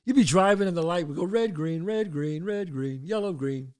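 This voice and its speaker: Speaking at a moderate pace with a fairly high pitch, an older Bronx-born host tells casual stories. He's animated, performing the voices of the people in them.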